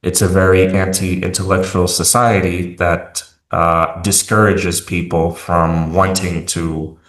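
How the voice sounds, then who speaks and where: A man's voice: deep voice, level tone, slow, a bit bright, roomy sound. An American man talking casually as an interview guest, hesitant with many fillers and restarts. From United States.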